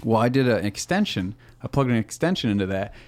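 A man hosting a podcast, chatting casually and telling stories in an animated way, laughing often as he goes. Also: lowish voice, fast. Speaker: podcast host. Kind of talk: casual chat.

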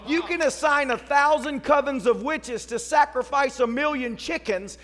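A man preaching a sermon as pastor, telling stories and rising to shouts. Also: very high-pitched, moderate pace, hardly any pauses, crowd noise. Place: church service.

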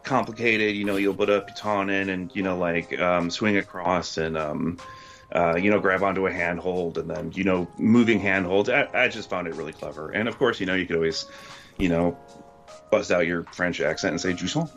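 Deep-voiced hesitant man on a podcast. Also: steady tone, moderate pace, a bit bright, soft background music. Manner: hesitant, full of ums and you-knows. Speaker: guest critic. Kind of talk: casual podcast chat.

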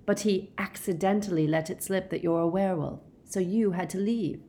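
A woman's voice: fairly low pitch, steady tone, moderate pace, mellow, pitched above the performer's own voice, natural voice. A woman reading an earnest, suspicious teenage boy who presses with questions in an audiobook.

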